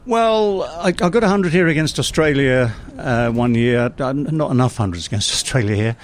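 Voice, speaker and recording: A man's voice: medium pitch, moderate pace. A man in his sixties, a former England cricket captain, reminiscing in a casual outdoor radio interview with plenty of fillers. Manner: relaxed and reminiscing, with many fillers.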